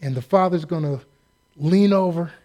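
High-voiced, animated preacher man. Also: normal speed, highs cut off. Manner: animated, joking, acts out quoted voices. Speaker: pastor. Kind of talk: sermon with storytelling.

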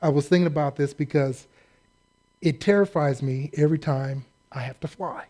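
A man preaching a lively, humorous sermon, joking and acting out quotes. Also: a little high, normal speed. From United States. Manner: animated, joking asides and acted-out quotes.

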